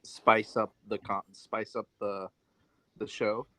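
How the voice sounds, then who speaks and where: A man's voice: on the low side, flat delivery, takes it slowly, pushed and bright, no room sound, rough recording. A man from the United States talking casually as a podcast host, loose and conversational, with many fillers and restarts.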